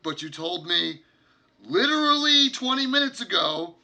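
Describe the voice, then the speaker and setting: A man voicing an exasperated male camp boss who is overwhelmed and strains his voice higher and louder as he pleads. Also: sing-song, moderate pace, full character voice. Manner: pleading, strained, growing loud.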